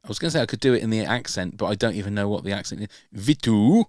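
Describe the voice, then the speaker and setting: A man hosting a podcast quiz in casual banter, teasing his guests, spelling words out slowly and laughing often. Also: on the low side, no room sound, studio quality. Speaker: podcast host running a quiz.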